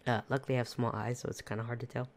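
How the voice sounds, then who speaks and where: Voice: mid-range voice, little pitch movement, very fast. A podcast host telling a rambling, casual story about work at a movie theater, laughing often.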